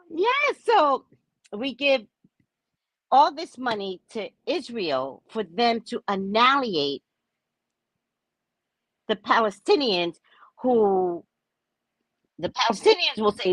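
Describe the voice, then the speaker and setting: An American woman hosting a casual livestream, talking to her chat in an animated way and laughing often. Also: a little high, no echo. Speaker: livestream host.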